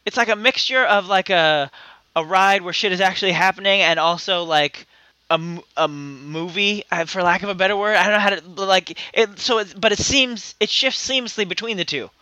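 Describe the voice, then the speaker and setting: A man telling a rambling travel story in casual, profane chat, heavy with swearing and animated asides. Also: sits high, a little fast, no room sound.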